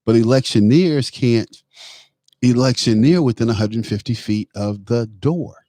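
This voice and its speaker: A man's voice: medium pitch, unhurried, no room sound, studio quality. A man hosting his own political talk show, speaking bluntly and animatedly and laughing as he goes. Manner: animated, laughs while talking, blunt asides. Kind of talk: solo political commentary.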